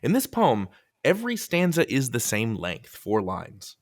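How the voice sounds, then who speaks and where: A man co-hosts a poetry lesson with a middling voice that swings widely in pitch. He trades scripted jokes and reads lines of verse with playful energy. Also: a little slow. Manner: playful, animated reading of verse. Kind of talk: scripted educational banter.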